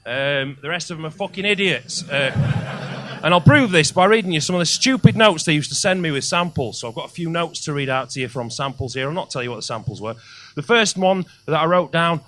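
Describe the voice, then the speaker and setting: A male comedian doing a crude stand-up set on a comedy club stage, with loud outbursts on the punchlines. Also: fairly high pitch, lively intonation, brisk.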